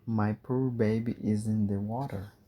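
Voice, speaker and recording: Spoiled demanding woman in a storybook, voiced by a male reader, raised dark voice, slow. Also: lowish voice, steady tone, slight background noise, close to an everyday voice. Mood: angry. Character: angry spoiled woman from California.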